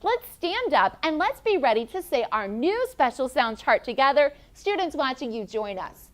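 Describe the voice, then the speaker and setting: In her classroom, a woman teacher leads pupils through phonics, chanting sounds and letters with slow, careful emphasis and encouraging those she calls on. Her voice is high and swings widely in pitch.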